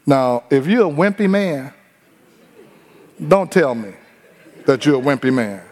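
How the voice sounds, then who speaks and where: A man preaching a sermon in a lively, humorous way, acting out other people's voices now and then. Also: mid-range voice, a little slow. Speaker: pastor.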